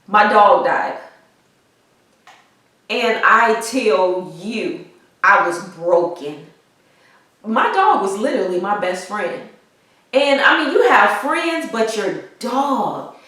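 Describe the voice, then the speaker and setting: A woman vlogger telling a personal story in a halting way, repeating herself as she talks through grief and pushes on, over a weak microphone. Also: mid-range voice, animated, pushed and bright, far from the mic. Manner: halting, repeats herself, grieving but pushing on. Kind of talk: personal vlog, emotional storytelling. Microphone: weak built-in microphone. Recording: echoey room, voice off-mic.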